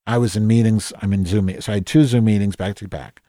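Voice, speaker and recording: In character as Madge, a grumpy office worker with a filthy mouth, a podcast host improvises a comedic monologue full of rambling, cursing, self-mockery and restarts. His voice sits on the low side with a dark tone, fairly even intonation and a quick pace, close to how he'd normally talk. The sound is clean studio audio without echo.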